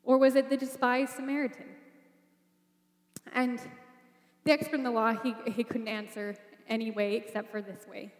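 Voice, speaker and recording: A woman with a high voice preaches a sermon, telling the story in a relaxed, conversational way. She keeps pulling in her listeners with rhetorical questions. Her voice rings through a large hall with a long reverb. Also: moderate pace, pauses often. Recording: echoey hall.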